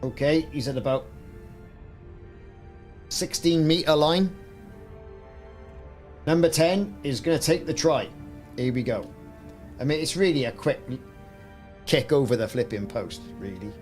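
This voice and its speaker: Welsh male streamer, slightly raised pitch, chatty banter and mock commentary, soft music bed. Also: a little slow, long pauses. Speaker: gaming livestream host. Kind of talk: casual live-stream chat.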